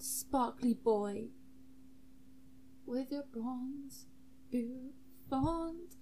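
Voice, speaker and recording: A woman voicing an earnest, awkward bard who speaks hesitantly and croons drawn-out silly song lines. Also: high voice, mellow.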